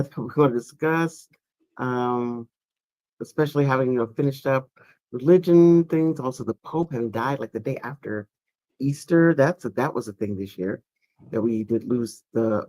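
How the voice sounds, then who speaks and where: A man's voice: medium pitch, unhurried, no echo. Guy hosting a chat show, easygoing and rambly, dead dry mic. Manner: relaxed, rambling with many fillers. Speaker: podcast host. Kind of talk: casual panel chat.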